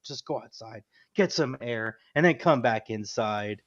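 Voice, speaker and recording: A man hosting a podcast, telling stories in casual chat, animated and swearing freely. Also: medium pitch, a little slow. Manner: animated storyteller, swears freely, says dude a lot. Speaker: podcast host. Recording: dull lo-fi sound.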